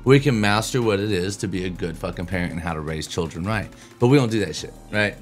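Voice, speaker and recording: A man's voice: low-pitched, fast talker, faint music behind. A man in his thirties on a casual podcast, talking bluntly and with lots of swearing about raising kids. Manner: blunt, profane, animated storytelling. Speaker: podcast co-host.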